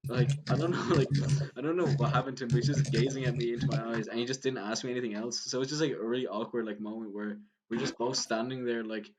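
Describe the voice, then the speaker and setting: A man's voice: mid-range voice, fairly even intonation, fast talker, noisy background. Rambling young Irish man telling a story. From Ireland. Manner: rambling storyteller, many "like"s, laughs while talking. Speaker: podcast co-host. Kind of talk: casual chat.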